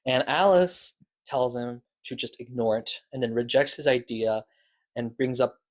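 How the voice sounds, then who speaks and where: A man's voice: medium pitch, unhurried, a little mellow. Rambling man recapping a podcast. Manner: rambling, loose, lots of "like" and "uh". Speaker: podcast reviewer. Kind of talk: casual episode recap.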